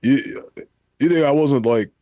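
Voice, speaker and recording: A man doing an impression of a rambling, boastful older male pro-wrestling star on a podcast, in a gravelly drawl. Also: medium pitch, a little slow, warm tone, dry recording, voice pushed up, natural voice. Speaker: podcast co-host.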